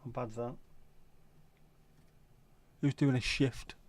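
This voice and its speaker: A man hosting a relaxed livestream, bantering cheekily with viewers he addresses by name. His pitch sits in an ordinary middle range, and the sound is close and dry with no room echo. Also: slow pace. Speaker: livestream host. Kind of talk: casual chat reading viewer comments.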